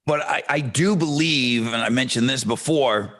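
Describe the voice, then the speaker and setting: A middle-aged man co-hosting a podcast, laying out his points step by step in a measured way. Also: medium pitch, a bit bright, no echo. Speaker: podcast co-host. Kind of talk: casual podcast chat.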